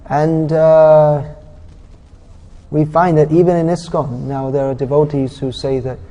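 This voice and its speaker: A man preaching a sermon in a scripture class, with a very dark, mellow tone that sits a little high for a man. He talks bluntly and with a sarcastic edge, scolding his listeners. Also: little pitch movement, a little slow, poor audio.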